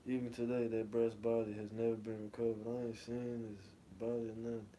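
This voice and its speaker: A man's voice: mid-range voice, level tone, a little fast, warm tone, highs cut off, a little hiss or hum. A man co-hosting a manga review podcast, chatting casually in slangy, jokey talk and reading panels aloud.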